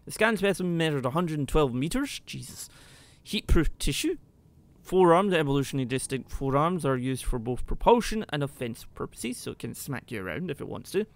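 A man commentating his game play, excitable, talking to the creatures and shouting when he panics. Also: fairly high pitch, brisk, vocal fry. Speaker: gaming YouTuber.

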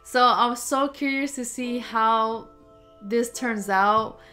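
A young woman reacting to a show on camera, her voice pitched a little high. She gets excitable and emotional and drops slang as she talks, with music from the show playing behind her. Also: takes it slowly. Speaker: reaction video host. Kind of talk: casual reaction commentary.

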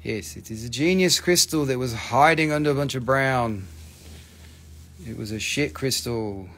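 A man's voice: mid-range voice, moderate pace, fairly bright tone. A man hosting a casual live stream that sells crystals, joking, rambling and swearing as he talks.

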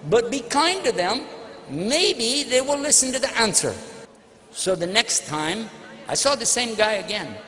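A man's voice: very high voice, very animated, a little slow, sharp tone. A man giving a religious lecture and answering audience questions with emphatic, anecdotal storytelling. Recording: echoey hall with faint noise.

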